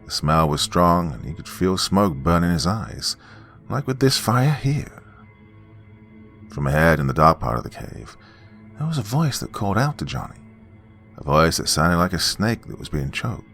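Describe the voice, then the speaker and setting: Very deep-voiced man telling campfire horror. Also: very animated, moderate pace, gravelly, fairly bright tone, soft background music. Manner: dramatic, folksy, dropping to whispers for suspense. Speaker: horror story narrator.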